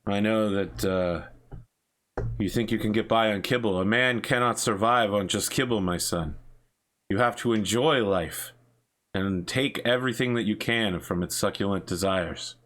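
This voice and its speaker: A man's voice: lowish voice, normal speed, a bit bright, close to an everyday voice. Man voicing a doting mafia boss father. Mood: coaxing. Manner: fatherly, coaxing, lecturing.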